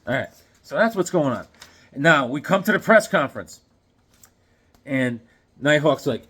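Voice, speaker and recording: A man casually recapping a comic book story, animated and storytelling, acting out the characters. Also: on the high side, measured pace, long pauses. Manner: frequent fillers and restarts.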